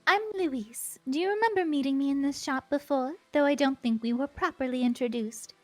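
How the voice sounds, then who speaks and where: A woman's voice: high voice, brisk, no room sound, faint music behind, pitched above the performer's own voice, close to an everyday voice. A woman voicing a prissy, haughty female house cat in a video game, with a prim, condescending manner.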